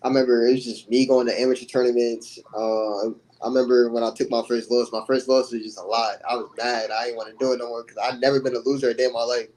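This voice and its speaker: A young man, a boxer, answering interview questions in a low-key, casual way. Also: level tone, quick pace, hardly any pauses, darkish tone, low-quality recording.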